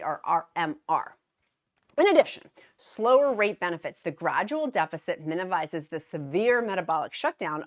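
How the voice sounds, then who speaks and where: A woman's voice: lowish voice, a bit bright. A woman vlogger, chatting casually and jokingly to her viewers, laughing at herself. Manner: chatty, jokey, laughs at herself, says "y'all" and "honey". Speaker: weight-loss vlogger. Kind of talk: casual chat to camera.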